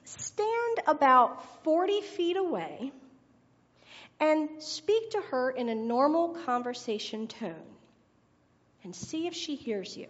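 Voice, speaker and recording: Woman quoting a doctor giving steps. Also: sits high. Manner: instructive, step by step. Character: helpful doctor giving instructions in a joke. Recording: reverberant hall, dull sound.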